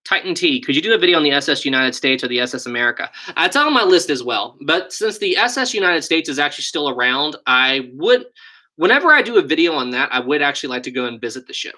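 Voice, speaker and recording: A man's voice: a little high, very animated, fast talker, pushed and bright. A young man with a West Virginian accent, hosting a casual live stream and chatting through viewer questions. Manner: chatty, reads and answers viewer questions, thinks aloud. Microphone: desk USB microphone.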